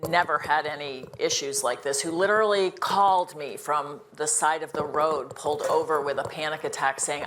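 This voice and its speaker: A woman's voice: sits low, steady tone, moderate pace, hardly any pauses, a bit bright. An older woman, an internist, speaking earnestly on a live panel, emphatic and full of restarts.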